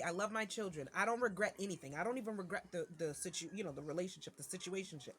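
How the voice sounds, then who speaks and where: A woman's voice: lowish voice, a little fast, slightly rough. A mother venting to her viewers in a casual monologue, irritated and ranting, with many fillers and restarts.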